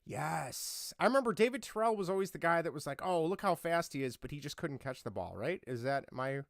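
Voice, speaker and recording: Lively, higher-pitched male podcast co-host. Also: a little fast, gravelly, no echo, studio quality. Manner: lively, questioning, agreeable. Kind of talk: casual chat.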